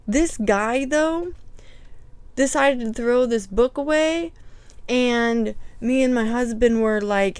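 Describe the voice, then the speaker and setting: A woman vlogger tells a story on a casual house tour, chatty and emphatic, breaking into nervous laughs. Her voice is clear and smooth, and her pace is unhurried. The clip-on mic sounds close and dry, with little room sound. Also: fairly high pitch, a little mellow, no echo. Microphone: clip-on microphone.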